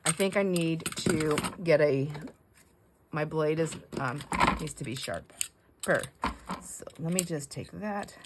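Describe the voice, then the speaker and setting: A woman's voice: low voice, takes it slowly, pauses often, background noise. Rambling, chatty woman crafter. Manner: rambling, self-deprecating, laughs often. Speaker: crafting channel host. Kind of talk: casual chat while crafting.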